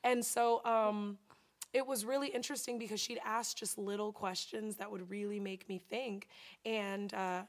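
Animated woman telling a personal story. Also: medium pitch, normal speed. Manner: animated storyteller, acts out quotes, laughs often. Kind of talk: casual chat about therapy.

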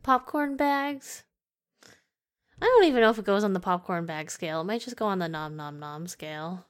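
A woman in casual podcast chat reviewing a movie, wry and quick to laugh. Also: mid-range voice, lively intonation. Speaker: podcast co-host.

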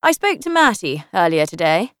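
A woman voicing a prim older mother in an audiobook, crisp, matter-of-fact and faintly reproachful. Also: lowish voice, very animated, normal speed, a bit bright, dry recording, studio quality. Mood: tart, matter-of-fact. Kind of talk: audiobook character voice.

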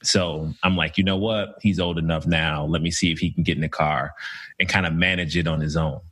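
Deep-voiced man telling a story slowly. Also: husky. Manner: relaxed storytelling, slow and reflective with many fillers. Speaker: podcast co-host. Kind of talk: casual chat.

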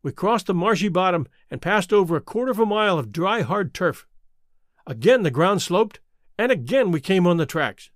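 Brief: a man narrating, expressive and measured, animated pitch. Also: dry recording, clean studio sound. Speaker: audiobook reader. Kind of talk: storybook narration.

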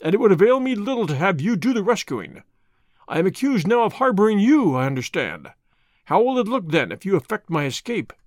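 A man's voice: high-pitched, very animated, a little fast, dry recording, clean studio sound. A man voicing a proud elderly nobleman who indignantly refuses help, in an audiobook reading.

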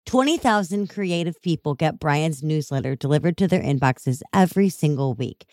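A woman's voice: low voice, normal speed, a little mellow, dry recording, studio quality. A woman with a Chicago accent hosting a podcast, effusive and upbeat with playful wordplay. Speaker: podcast host.

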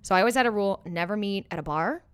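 A woman's voice: medium pitch, rapid-fire, clean tone, no room sound. Female podcast co-host, candid storyteller, casual and unfiltered. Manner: candid, storytelling, blunt with swearing. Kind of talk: casual chat.

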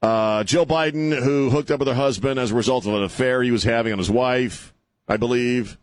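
A man's voice: medium pitch, fairly quick, dry recording. A man hosting an opinionated political talk show, sarcastic and mocking, rambling with many fillers.

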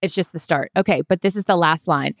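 A woman's voice: lowish voice, fast, no room sound, studio quality. A woman from Seattle co-hosting a sports podcast, chatting in a rambling, emotional way with lots of fillers. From Seattle, USA. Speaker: podcast co-host, sports reporter. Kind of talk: casual chat.

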